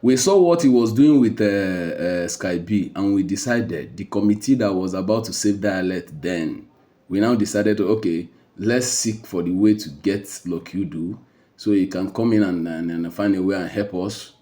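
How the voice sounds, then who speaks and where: A man with a Nigerian accent telling a personal story in a measured, hesitant way. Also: low-pitched, warm tone.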